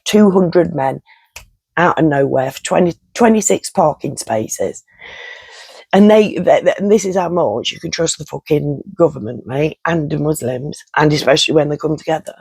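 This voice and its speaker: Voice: medium pitch, vocal fry, darkish tone, breathy edge, dry recording. A vlogger, delivering an angry, swearing rant straight to camera. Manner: heated, swearing, blunt. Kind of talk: angry ranting monologue to camera.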